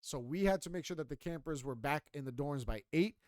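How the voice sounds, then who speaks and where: A young man co-hosting a podcast, telling a story in a casual, animated and heavily profane way. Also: fairly high pitch, brisk, no echo, studio quality. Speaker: podcast co-host.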